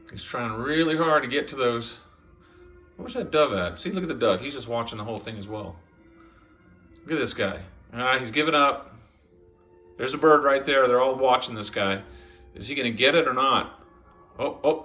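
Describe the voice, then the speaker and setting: A lively, bright-voiced man narrates what he watches in his back yard with a bouncing, animated delivery. He chats along in an amused way, with faint classical music from a radio somewhere behind him. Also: medium pitch, normal speed, pauses often. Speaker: backyard nature vlogger. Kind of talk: casual live commentary. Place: home by a back yard window.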